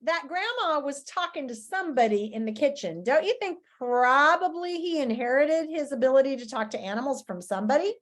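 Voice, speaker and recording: A woman reading a children's book aloud in an expressive, animated storytelling manner. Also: high-pitched, fairly quick, few pauses. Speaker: story reader.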